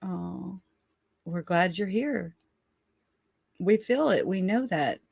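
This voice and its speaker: A woman hosting a casual livestream, rambling warmly and laughing often as she reads out and thanks viewers for their comments. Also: lowish voice, expressive, slow, creaky, slightly rough, no room sound, clean studio sound. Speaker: livestream host.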